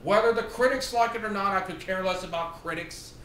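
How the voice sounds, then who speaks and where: Animated high-voiced man recapping wrestling. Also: fairly quick. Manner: excitable, sarcastic asides, mimics wrestlers' lines. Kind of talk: animated solo recap and opinion. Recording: echoey room with faint noise.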